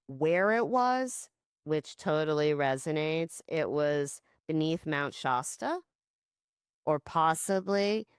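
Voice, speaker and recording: A woman co-hosting a podcast, telling stories in animated casual chat and swearing offhandedly. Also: low-pitched, clean tone, dry recording, clean studio sound. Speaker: podcast co-host.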